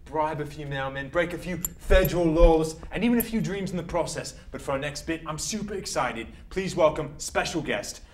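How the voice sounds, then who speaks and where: A man's voice: a little high, lively intonation, moderate pace, hardly any pauses, far from the mic. Smarmy young man hosting a comedy show.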